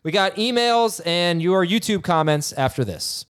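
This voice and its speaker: A man hosting a fantasy football podcast, chatting casually with halting restarts and reading listener emails aloud. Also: high-pitched, animated, fairly bright tone, clean tone. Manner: halting, many restarts, reads questions aloud. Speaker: podcast host.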